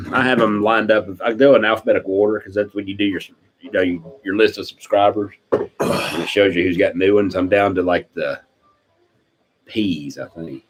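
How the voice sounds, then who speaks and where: A man, chatting casually on a live stream, rambling through stories, clearing his throat often and laughing at his own jokes. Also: fairly low pitch, moderate pace, poor audio. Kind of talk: casual chat.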